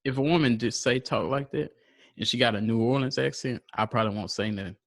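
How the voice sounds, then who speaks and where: A man's voice: mid-range voice, fast talker, a bit bright, no room sound. A man hosting a podcast in casual chat, laughing often and putting questions to his co-hosts. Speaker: podcast host.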